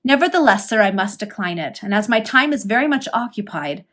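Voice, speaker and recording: A woman's voice: medium pitch, expressive, fairly quick, fairly bright tone, lightly acted. A woman voicing a cold, dry-spoken Victorian merchant who answers in clipped, curt phrases.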